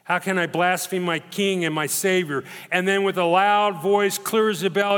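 Man, pastor, sermon, high voice, emphatic slow repetitions, long church reverb. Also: steady tone, fairly bright tone, clean tone. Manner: emphatic, dramatic retelling with slow stressed repetitions. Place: church sanctuary.

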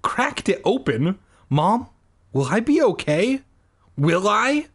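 A man's voice: sits high, sing-song, slow pace, pitched above the performer's own voice, exaggerated voice. A man voicing a panicky, hurt young boy who pleads and whines in a comic storybook reading. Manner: whiny, pleading.

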